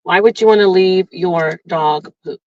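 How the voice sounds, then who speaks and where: A woman hosting a casual live vlog from her car, rambling and animated as she tells a story, recorded on a phone. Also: fairly low pitch, measured pace, no echo, muffled recording. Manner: chatty, rambling, animated retelling. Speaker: livestream host.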